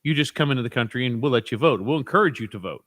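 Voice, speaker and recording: A man's voice: mid-range voice, animated, very fast, fairly bright tone. A man co-hosting a talk radio show, building an argument point by point. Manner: building an argument, uses "you know". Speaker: radio co-host.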